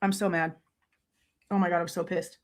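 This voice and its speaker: A woman's voice: on the low side, flat delivery, normal speed. A woman ranting heatedly and cursing as a true crime commentator. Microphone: desk mic, faceless channel.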